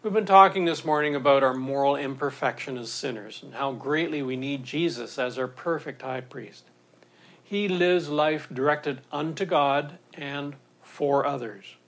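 A man preaching a sermon in a measured, earnest storytelling manner. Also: mid-range voice, fairly bright tone. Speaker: pastor.

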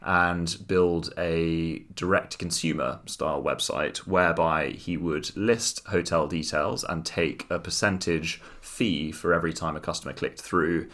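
Man, very deep voice, podcast co-host, storytelling, wry, jokey asides. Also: fairly even intonation, unhurried, hardly any pauses, fairly bright tone. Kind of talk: casual storytelling chat.

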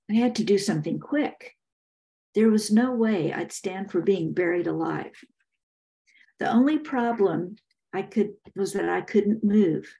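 An older woman from Texas, an author reading her own novel aloud in measured, first-person audiobook narration. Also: mid-range voice, expressive, vocal fry, dark tone.

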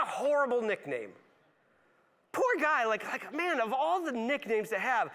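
A male pastor delivering a sermon in a high, bright voice. He swings between lively acted-out voices and hushed, reflective moments. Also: unhurried. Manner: animated, acts out voices of characters with big pitch swings; drops to a soft, low reflective tone at times.

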